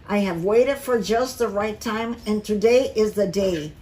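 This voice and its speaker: A kind old-fashioned farmer speaking calmly and reassuringly, as a woman reading aloud puts him on. The voice stays close to her own, only a touch softer. It sounds patient and trustworthy. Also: medium pitch, a little slow, close to an everyday voice. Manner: calm and reassuring. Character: kind, gentle male farmer.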